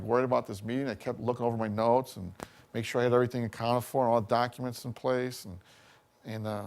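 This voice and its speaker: A man's voice: mid-range voice, creaky, darkish tone. A man giving a college workshop talk, chatty and full of anecdotes, often checking in with "you know" and "okay?". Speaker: workshop speaker.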